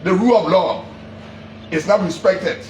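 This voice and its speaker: High-voiced Liberian man ranting in an echoey room. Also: moderate pace. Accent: Liberian English. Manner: heated, accusatory, repeating himself, sometimes shouting. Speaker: politician. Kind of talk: angry public address. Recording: echoey room, faint background noise.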